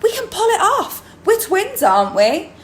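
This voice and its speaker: A woman reading as an excitable ten-year-old tomboy girl who talks in a breathless, boastful, eager way. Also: extremely high pitch, moderate pace, slight background noise, pitched above the performer's own voice, exaggerated voice. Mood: excited scheming. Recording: roomy echo.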